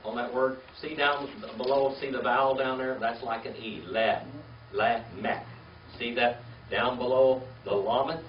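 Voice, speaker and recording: A man's voice: mid-range voice, fairly even intonation, a little slow. An older man leads a classroom lesson, patiently spelling out words and checking in with his students. He sounds distant in a roomy space. The recording is dull and lo-fi, with a faint hiss underneath. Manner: patient, coaxing, checks in with "okay?" and "all right?". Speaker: Hebrew teacher.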